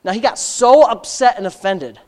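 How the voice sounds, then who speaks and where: A fervent preacher in full sermon mode, chatting with the congregation one moment and booming the next. The delivery is folksy, full of rhetorical questions, and leans hard on each point. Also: moderate pace. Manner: impassioned, swings from quiet asides to loud emphatic peaks.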